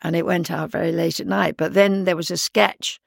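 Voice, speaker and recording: An older woman from London, an actress telling lively anecdotes in an interview. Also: lowish voice, moderate pace, gravelly, no echo, clean studio sound. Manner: lively anecdotal, acts out quoted voices. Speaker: actress guest. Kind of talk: interview storytelling.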